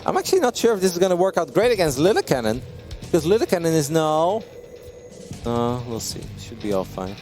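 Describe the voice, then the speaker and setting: A man in the middle of live esports commentary, lively and easily excited. He laughs often and his voice jumps high when a play surprises him, with faint music playing underneath. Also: a little fast. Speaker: esports caster.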